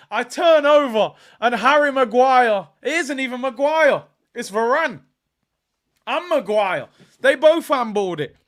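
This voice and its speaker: A man hosting a live football watchalong, bantering and trolling rival fans, bursting into shouts at big moments. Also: very high-pitched.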